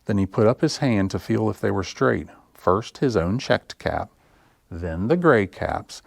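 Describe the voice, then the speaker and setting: A man's voice: lowish voice, creaky, dry recording, clean studio sound. Man reading picture books aloud. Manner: slow, expressive storytelling. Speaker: children's librarian. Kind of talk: picture-book read-aloud.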